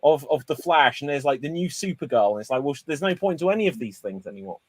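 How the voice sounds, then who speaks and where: A man hosting a casual panel chat, talking in an animated, exclamatory way. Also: fairly high pitch, fast, no room sound. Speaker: panel host.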